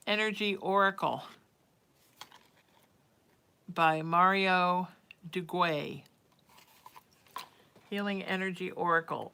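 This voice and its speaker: A woman, a psychic medium, chatting casually on a home livestream, doting and often dropping to a hushed murmur. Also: on the low side, smooth. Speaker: psychic medium hosting a live reading stream. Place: at home with her cat.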